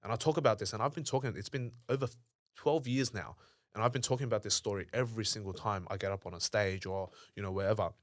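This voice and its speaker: An Australian entrepreneur, a young man, appears as a podcast guest, telling stories in a casual interview with plenty of swearing. He acts out old arguments in a raised voice. His voice is on the low side and fast, recorded cleanly in a studio with no room sound.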